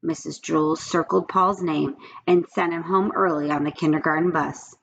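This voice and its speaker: A woman's voice: deep voice, fairly even intonation, normal speed, vocal fry. A woman reading a children's book aloud in a friendly storytelling manner, like a teacher talking to her class. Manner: friendly storytelling, addresses listeners as guys. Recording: dull lo-fi sound with faint noise.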